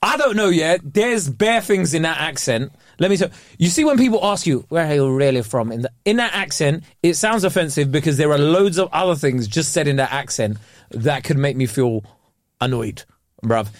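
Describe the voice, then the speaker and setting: A young man trades casual podcast banter. His pitch sits a touch high and swings widely as he slips into mocking voices. The sound is dry and close. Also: normal speed, dry recording. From England. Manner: animated, mimics voices, slangy banter. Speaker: podcast co-host. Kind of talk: casual chat.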